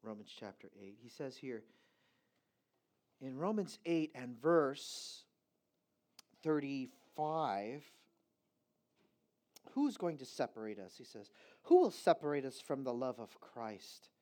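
A man preaching a sermon emphatically, moving from low, quiet stretches into loud, raised passages. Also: big pitch swings, slow pace, long pauses.

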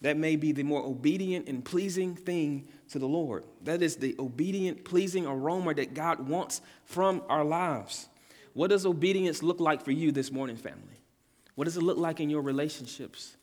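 A pastor preaching a sermon with earnest emphasis, repeating key words and rising in pitch and volume at his climactic points. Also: normal speed, darkish tone. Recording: long hall reverb.

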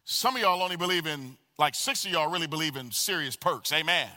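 High, bright-voiced preacher man in a reverberant hall. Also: a little fast. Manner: animated preaching with call and response to the congregation. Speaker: pastor. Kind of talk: sermon. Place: church sanctuary. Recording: long reverb of a large hall.

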